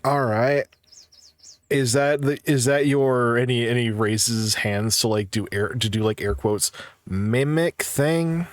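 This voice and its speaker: A man running a tabletop game as game master, slow and halting, with many restarts. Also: mid-range voice, no room sound.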